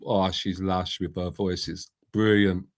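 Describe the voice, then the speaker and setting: A man's voice: low voice, flat delivery, unhurried. A middle-aged man, hosting a casual live stream, chatty and rambling, greeting viewers by name and swearing freely. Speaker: livestream host. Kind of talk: casual live-stream chat reading out comments.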